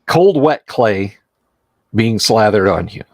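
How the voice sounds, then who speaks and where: A man running a tabletop horror game, narrating slowly and deliberately with fillers. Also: on the low side, sing-song, no room sound. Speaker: game master.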